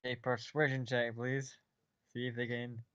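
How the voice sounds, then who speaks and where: Rambling game master narrating loosely. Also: male voice, medium pitch, little pitch movement, unhurried, a bit bright, smooth, dry recording, dull audio.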